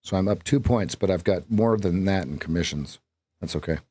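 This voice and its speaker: A man's voice: deep voice, fairly quick, mellow, slightly rough. A man hosting a live trading stream as coach, thinking aloud through numbers and joking at his own lines. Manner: chatty, jokes at his own lines and laughs at them.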